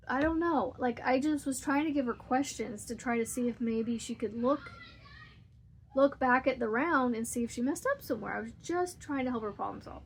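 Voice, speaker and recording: A woman's voice: fairly high pitch, fairly quick, slight background noise. A woman hosting a crochet channel, chatting casually while she crochets and rambling through a story with frequent laughs.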